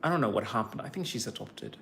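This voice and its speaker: Here the streamer talks fast in a lowish, gravelly voice that's expressive and fairly bright in tone, with a little hiss or hum in the background. Born in the US, he speaks with an English accent as he chats casually, answers viewers and ribs them with sarcastic asides.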